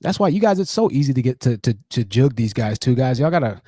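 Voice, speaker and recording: Chatting straight to viewers on a relaxed livestream, this fast-talking young host has a mellow, rather dark voice at a medium pitch with a sing-song lilt, and he tends to repeat phrases for emphasis. The audio is dry and close, with no echo or room.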